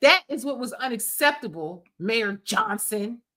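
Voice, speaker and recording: A woman's voice: fairly high pitch, animated, unhurried, a bit bright. A woman streamer giving heated, scolding political commentary in an emphatic rant. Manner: angry, scolding, emphatic rants.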